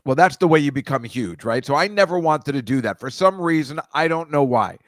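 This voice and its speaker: A man's voice: fairly high pitch, animated, a little fast, dry recording, clean studio sound. Rambling older New man. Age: over 65. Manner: rambling, self-deprecating, laughs at own stories. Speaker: podcast co-host. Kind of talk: casual chat.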